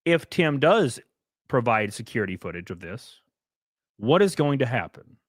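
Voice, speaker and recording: A man streaming casual commentary, rambling and animated, swearing now and then, sounding worn down. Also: mid-range voice, normal speed, no echo, clean studio sound. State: worn down, says he can barely function. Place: home studio.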